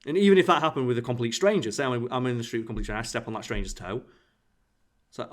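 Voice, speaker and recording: Male podcast host, middle pitch, talks through everyday examples in a casual chat. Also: racing. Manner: explains through everyday analogies, acting out quoted exchanges. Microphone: podcast microphone.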